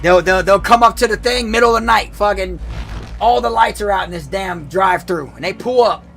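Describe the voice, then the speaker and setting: A male streamer rambles through slang-filled stories during a casual gaming stream, restarting his sentences as game music plays faintly in the background. His high, gravelly voice has a bright, forceful edge and a brisk pace.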